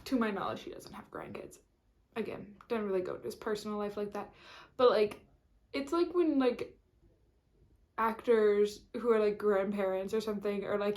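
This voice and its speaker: A woman's voice: mid-range voice, moderate pace, darkish tone. A woman vlogging in a casual, rambling chat to camera, full of fillers and restarts.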